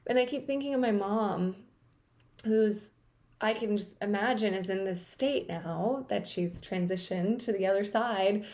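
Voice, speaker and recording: Soft-spoken woman reflecting on grief. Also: medium pitch, a little slow. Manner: soft, thoughtful, with frequent fillers. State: a little emotional. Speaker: host. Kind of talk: reflective personal talk to camera.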